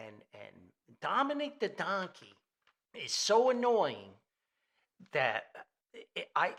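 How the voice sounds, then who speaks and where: A man's voice: fairly high pitch, sharp tone. A man hosting a solo comedic commentary podcast, rambling and self-deprecating, laughing often and restarting his sentences. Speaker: podcast host.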